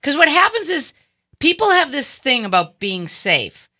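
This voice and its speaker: Woman host chatting away, bright voice, acts out her stories. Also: high voice, a little slow. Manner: animated storyteller, acts out quotes. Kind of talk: casual chat.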